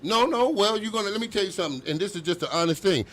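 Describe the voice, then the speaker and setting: A man's voice: high-pitched, expressive, very fast, a bit bright. A middle-aged man co-hosting a live talk show, emphatic and streetwise, often repeating himself. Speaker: co-host, coach.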